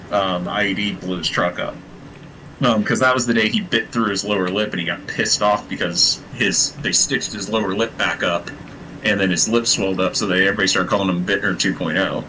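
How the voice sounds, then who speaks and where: A man with a bright, forward voice tells a rambling, profane story at an easy, casual pace. There is a faint background hiss. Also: on the low side, rough recording. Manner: profane, rambling, laid-back. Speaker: host.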